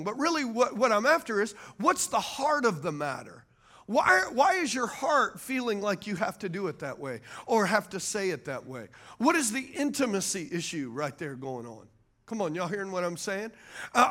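A male pastor with an extremely high-pitched, sharp voice preaches a sermon. He uses call-and-response, calling on the congregation for amens and agreement.

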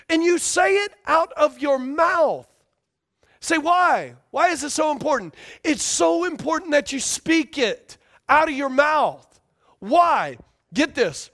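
A man's voice: very high-pitched, very animated, measured pace, a bit bright. A man preaching a sermon to a congregation, emphatic, repeating key phrases and checking that they follow him. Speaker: pastor.

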